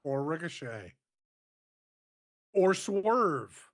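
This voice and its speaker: This is a man co-hosting a casual podcast, with a slightly raised pitch. He walks through a recap steadily and drops in short agreeing replies. The recording is dry, with no room echo. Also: big pitch swings, very slow. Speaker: co-host of wrestling review show.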